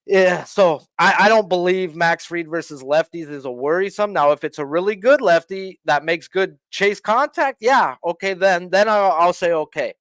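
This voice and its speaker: Male guest, high voice, profane slangy betting talk, dry mic. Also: moderate pace, hardly any pauses, fairly bright tone, no echo. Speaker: podcast guest. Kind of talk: casual betting chat.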